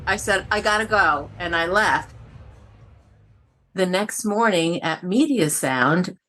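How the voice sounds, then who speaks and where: Wry woman with a lowish voice. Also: animated, a bit bright, slight background noise. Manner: wry, quick asides. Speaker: interviewed guest telling a story. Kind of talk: casual anecdote.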